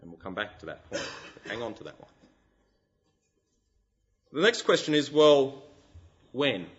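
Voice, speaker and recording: A man preaching a sermon, animated and full of rhetorical questions. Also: mid-range voice, a little slow, pauses often, lo-fi sound.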